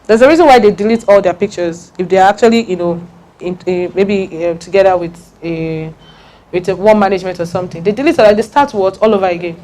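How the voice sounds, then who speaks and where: An emphatic woman speaks to a room of listeners in a lively talk. She presses her points home by saying them again and again, and she checks that the audience is following her. Her voice sits at an everyday middle pitch. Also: fast. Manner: emphatic, repeats key points, laughs and jokes with the audience. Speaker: speaker giving a talk on personal branding.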